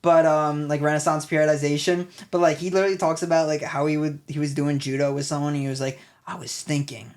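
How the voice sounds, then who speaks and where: A man's voice: on the high side, flat delivery, fast, hardly any pauses. Tired, slangy young trainer guy. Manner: slangy, rambling, full of "like" and "bro". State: tired and hungry. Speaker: guest personal trainer. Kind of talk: casual podcast chat.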